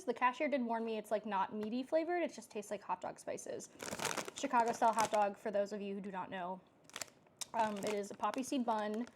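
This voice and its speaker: A woman's voice: medium pitch, a little hiss or hum. A young woman vlogging in a chatty, rambling way, full of filler words. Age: young adult. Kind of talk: casual vlog chat.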